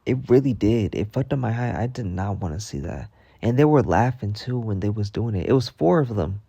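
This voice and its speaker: A man's voice: lowish voice, animated, brisk, creaky, warm tone, husky, no echo. A young man telling a mock-dramatic storytime rant in slangy, swear-filled casual talk. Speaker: storytime vlogger.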